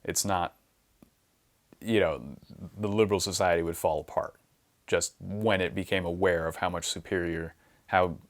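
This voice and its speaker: A man from the United States delivering an unscripted, impassioned monologue, insistent and repeating words for emphasis. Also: deep voice. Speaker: channel host.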